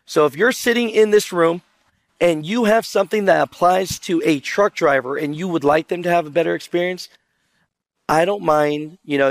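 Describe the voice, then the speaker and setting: Upbeat panel speaker, a man with a slightly high voice who acts out quotes and polls the crowd, dry close sound. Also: vocal fry, no echo. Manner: animated storyteller who acts out other people's lines and quizzes the audience. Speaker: trucking video creator on a conference panel. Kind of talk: lively conference panel talk.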